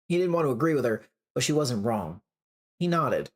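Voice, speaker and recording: A stream host reading a story aloud in an expressive way, with playful asides. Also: mid-range voice, moderate pace.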